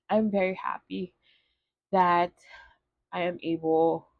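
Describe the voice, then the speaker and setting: A tearful young woman hosts her faith podcast on her own, her voice slightly low and her speech very slow and halting. The recording is dry and a bit dull and lo-fi. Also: gravelly, no room sound. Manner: halting, with many pauses, fillers and sighs. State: tearful, emotional. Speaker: podcast host. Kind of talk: heartfelt solo podcast monologue.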